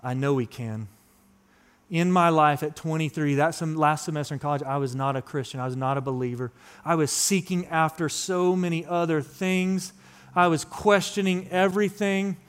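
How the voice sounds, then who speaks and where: A man in his thirties preaching a sermon as pastor, moving between hushed, intimate passages and loud, urgent ones in a repetitive preaching cadence. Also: fairly high pitch, fairly even intonation, moderate pace, clear, resonant tone.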